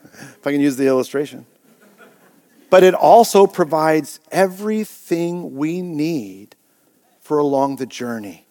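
A male pastor preaching a sermon with energy and folksy asides, his voice climbing toward near shouts. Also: fairly high pitch, unhurried, pauses often. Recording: long church hall reverb.

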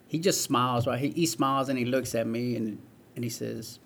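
A man's voice: mid-range voice, steady tone, a little fast, creaky, fairly bright tone, slight background noise. A man in his forties, a guest in an interview, telling his life story in an earnest way and often saying "man" and "right". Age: 40s.

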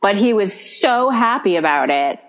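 Animated woman telling a story. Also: medium pitch, normal speed. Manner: animated storyteller, acts out quoted dialogue, laughs often. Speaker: podcast co-host. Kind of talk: casual storytelling chat.

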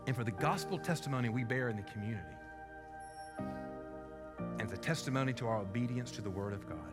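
A pastor delivering a sermon, telling a story earnestly and building to loud, emphatic peaks before dropping to quiet conclusions. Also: male voice, medium pitch, quick pace, big-room sound, loud music behind the voice.

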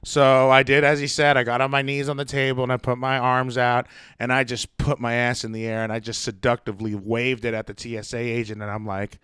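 A young man with a bright, forceful voice and a smooth, crisp tone tells his story in a heated, foul-mouthed rant. The sound is close and dry, with no room around it. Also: medium pitch, quick pace, dry recording. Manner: profane, ranting, heated retelling. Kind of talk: casual storytelling.

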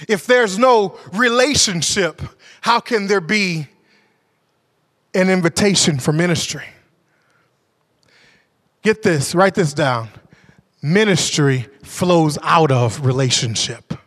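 Delivering a sermon, this man recounts a personal story with great animation, his high, bright voice ringing out in shouts before falling almost to a whisper. He takes it slowly, leaving long pauses.

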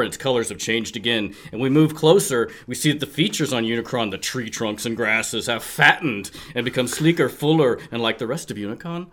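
A man's voice: medium pitch, fairly bright tone. A man co-hosting a casual podcast, reading a script aloud with frequent fillers and laughs.

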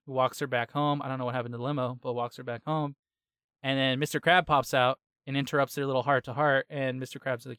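A man hosting a casual podcast, retelling a cartoon episode in a lively, slangy way with quick asides. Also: medium pitch, clean tone, no echo, clean studio sound. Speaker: podcast host. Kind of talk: casual chat, episode recap.

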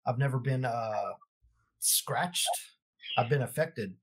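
A husky-voiced man speaks briefly on a podcast, halting and restarting his sentences. His voice is a bit raspy at a middle pitch. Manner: hesitant, halting. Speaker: paranormal investigator, podcast guest. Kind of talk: casual podcast chat.

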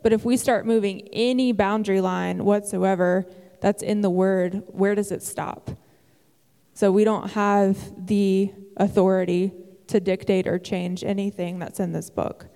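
A woman's voice: mid-range voice, flat delivery, unhurried, dark tone, big-room sound. A woman giving an earnest, encouraging sermon in a church, with occasional "um" fillers. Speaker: church speaker. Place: church sanctuary.

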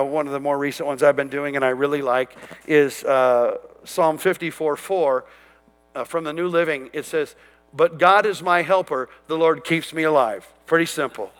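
A man's voice: on the high side, fairly even intonation, moderate pace, clean tone, big-room sound. A man preaching a sermon, quoting and declaring scripture with emphatic conviction. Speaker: pastor.

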